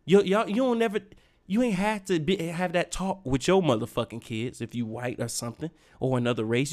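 A man's voice: mid-range voice, fast talker. A young man hosting a podcast, ranting in a heated, profane, emphatic way. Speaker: podcast host. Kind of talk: solo rant.

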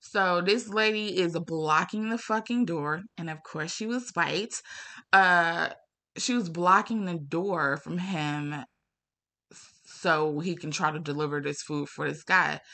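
Woman, young adult, casual vlog rant, cussing, exasperated, bright voice, lowish pitch. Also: slow. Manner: heated, profane, exasperated; rhetorical questions, pitch leaps up when worked up. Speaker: vlogger.

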